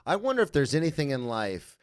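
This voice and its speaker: A man in his thirties co-hosting a podcast in casual chat, animated and acting out quoted yelling. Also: fairly high pitch, a little fast. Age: 30s. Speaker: podcast co-host.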